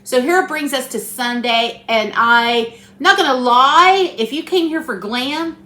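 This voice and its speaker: A woman's voice: high voice, animated, a little slow, bright, forceful tone, echoey room. Chatty woman in her kitchen. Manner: rambling, storytelling, talkative. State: tired. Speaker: cooking channel host. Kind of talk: chatty home cooking vlog. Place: home kitchen.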